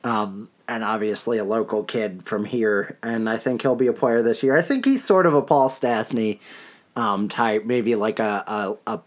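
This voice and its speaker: A young man co-hosting a casual hockey podcast, rambling and animated, laughing often. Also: on the low side, normal speed. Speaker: podcast co-host.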